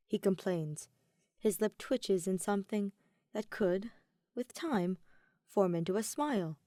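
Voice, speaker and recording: A woman reading a fan fiction story aloud in a steady, measured audiobook narration. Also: mid-range voice, no room sound, studio quality. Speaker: podfic reader.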